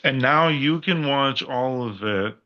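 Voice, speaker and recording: A man on a podcast as a guest wrestler, telling rambling, profane stories in a casual, animated way. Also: mid-range voice, slow, muffled recording. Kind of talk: casual storytelling chat.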